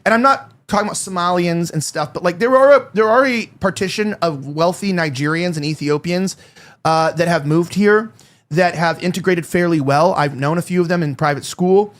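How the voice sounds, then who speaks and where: A man's voice: sits high, normal speed, fairly bright tone. A man hosting a casual panel talk, rambling with many fillers and restarts, from Los Angeles. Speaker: host.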